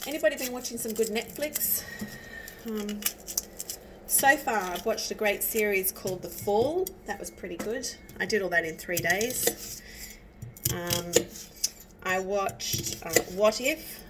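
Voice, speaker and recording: A woman's voice: mid-range voice, animated, a little slow, background noise. A woman rambling chattily while she cooks, teary and sniffly from cutting onions. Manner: chatty, rambling, self-interrupting. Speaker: vlogger cooking at home. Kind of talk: casual chat while cooking. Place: home kitchen. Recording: distant mic with loud kitchen clatter. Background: cutlery and dishes clattering.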